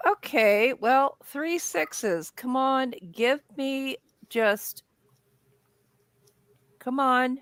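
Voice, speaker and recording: A woman's voice: high-pitched, very slow, long pauses, a bit bright, clean tone, no echo. A woman hosting a casual chat while playing an online dice game, playfully cheering on the rolls. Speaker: host.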